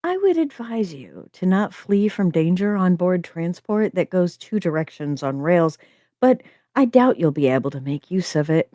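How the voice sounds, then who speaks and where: A woman voicing a polite, sinister male doctor as she reads a story aloud, in a soft and courteous tone. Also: fairly low pitch, big pitch swings, moderate pace, dry recording, clean studio sound, pitched below the performer's own voice. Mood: silkily polite.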